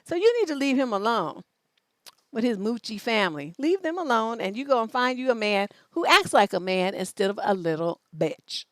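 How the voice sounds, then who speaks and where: A woman's voice: on the high side, very animated, moderate pace, fairly bright tone. A woman relationship coach on a livestream advice show, reading out letters and answering in a blunt, profane, scolding way.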